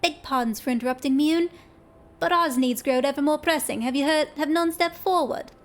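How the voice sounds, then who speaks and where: A woman's voice: sits high, moderate pace, natural voice. A woman reading aloud as an urgent male archer who speaks in old-fashioned phrasing. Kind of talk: reading game dialogue aloud.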